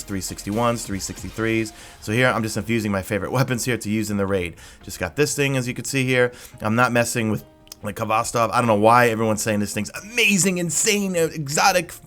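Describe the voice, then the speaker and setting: A man giving a casual gameplay guide as a gaming YouTuber, rambling and excited with quick asides. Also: medium pitch.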